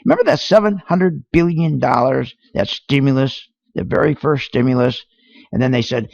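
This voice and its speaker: A man's voice: mid-range voice, fairly quick, creaky, a little mellow, no room sound. A man hosting a radio talk show, ranting indignantly with rhetorical questions, heard through a dull lo-fi radio sound. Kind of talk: opinionated radio talk on markets.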